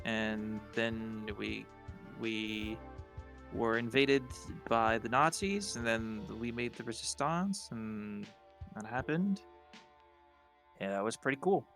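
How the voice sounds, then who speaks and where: A man's voice: on the low side, takes it slowly, fairly bright tone, faint music behind. A man from southern France with a French accent, chatting bluntly and laid-back on a stream. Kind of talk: casual chat.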